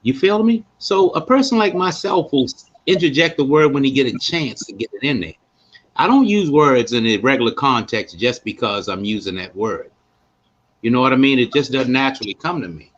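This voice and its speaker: A man hosting a live podcast, talking in a playful, animated way with lots of asides to his listeners. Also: mid-range voice, brisk, dull audio. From West Baltimore, USA. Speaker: podcast host.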